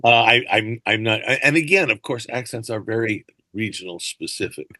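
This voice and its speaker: An older man, an actor and fight choreographer, telling rambling, animated anecdotes as a guest over a video call. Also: fairly low pitch, moderate pace, no echo. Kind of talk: casual interview storytelling.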